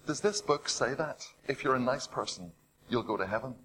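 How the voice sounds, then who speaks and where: A man preaching a sermon. He retells stories with rising drama, asks the listeners rhetorical questions and drops to a hush on heavy points. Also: medium pitch, animated, normal speed, slightly rough, low-quality recording.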